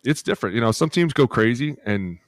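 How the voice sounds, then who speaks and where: A man in his thirties co-hosting a sports podcast, telling animated locker-room stories full of acted quotes and cursing. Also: medium pitch, a little fast, no room sound. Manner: animated storytelling with acted quotes, swears freely. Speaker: podcast co-host, former NFL lineman. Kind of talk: casual chat.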